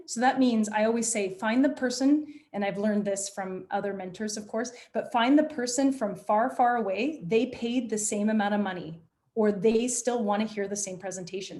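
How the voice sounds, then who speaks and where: A woman leading an online workshop on presentation skills, speaking in an energetic, demonstrative way over a video call. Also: a little high. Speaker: presentation coach.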